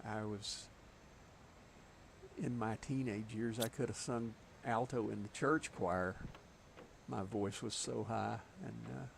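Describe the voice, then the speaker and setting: A man's voice: on the low side, steady tone, takes it slowly, gravelly, pauses often, a little hiss or hum. A middle-aged man with a Southern US accent, chatting casually and telling stories while streaming a game. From southeastern United States. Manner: chatty storyteller, chuckles often. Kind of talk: casual chat while gaming.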